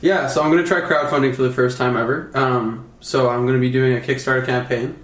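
An easygoing man from Canada, a musician guest, talks in a casual interview with a middle-pitched voice. He hesitates often and fills gaps with "um". The apartment room rings with a roomy echo. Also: fairly even intonation, brisk. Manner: easygoing, hesitant, with many fillers.

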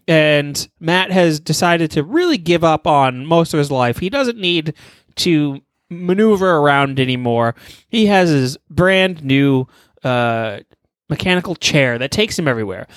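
A man's voice: on the high side, a bit bright, no echo, clean studio sound. A young man casually improvising a crude, joking story, rambling with many fillers.

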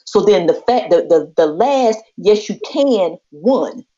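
On a podcast, a female co-host with a mid-range voice speaks slowly as she casually tells a personal story, animatedly acting out the voices of the people in it. The audio is lo-fi and slightly muffled.

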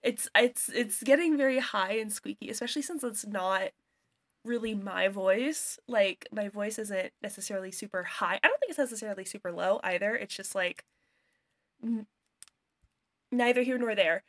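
A woman cast member of a podcast chatting casually, halting and correcting herself as she talks. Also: medium pitch. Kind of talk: casual chat.

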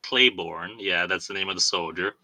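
A man's voice: low voice, normal speed, bright, forceful tone, no echo, low-quality recording. A man co-hosting a podcast in casual film review chat, chatty and self-deprecating, laughing often. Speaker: podcast co-host.

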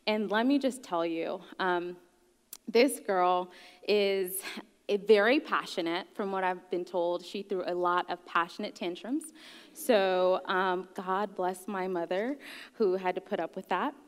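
A woman's voice: fairly low pitch, unhurried, clear, resonant tone. A woman in her thirties from Gabon giving a candid, joking talk about her life, with many ums. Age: 30s. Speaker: guest speaker. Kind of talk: personal story talk. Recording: long hall reverb.

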